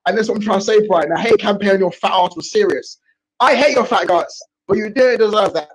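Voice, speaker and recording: A taunting man on a live online call, his voice high and husky. He trades insults and bursts out loudly. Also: fast, low-quality recording. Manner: taunting, insulting, loud outbursts. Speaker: caller on live stream. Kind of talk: heated live stream argument.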